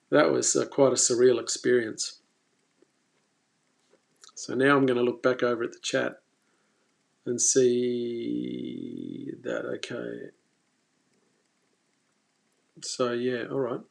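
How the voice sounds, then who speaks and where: A man hosting a live fishing stream, telling a story in an animated, exclaiming way. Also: mid-range voice, vocal fry. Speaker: fishing presenter.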